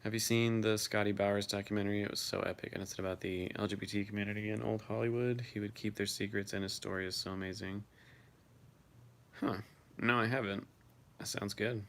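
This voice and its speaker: A man's voice: fairly low pitch, little pitch movement, fairly quick, gravelly, fairly bright tone, slight background noise. A man hosting a casual live stream, reading viewers' messages aloud and answering them offhandedly.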